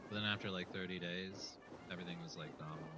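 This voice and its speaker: An American man telling stories in animated casual chat, getting defensive when teased. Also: low-pitched, quick pace, soft background music. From United States.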